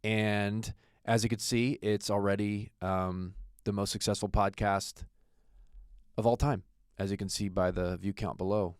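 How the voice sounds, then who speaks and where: A man's voice: on the low side, little pitch movement, unhurried, clean tone, no echo, clean studio sound. An American man introducing his podcast as host, in a casual, self-deprecating way with joking asides and frequent fillers.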